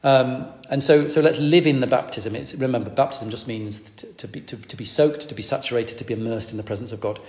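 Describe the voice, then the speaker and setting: A man preaching a sermon as a vicar, telling a story in a lively way and repeating phrases for emphasis. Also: mid-range voice, brisk, few pauses. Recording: echoey hall, long reverb.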